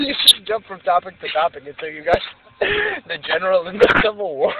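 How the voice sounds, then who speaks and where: High, laughing young man. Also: huge pitch swings, brisk, crowd noise. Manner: laughing, crude, exclaims 'wow' a lot. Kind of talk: casual chat. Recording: dull lo-fi recording with loud music.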